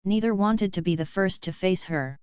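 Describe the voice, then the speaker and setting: A woman reading a dramatic story aloud in a steady, even narrating voice. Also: mid-range voice, normal speed, clear, resonant tone, no room sound. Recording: dry, slightly dull lo-fi.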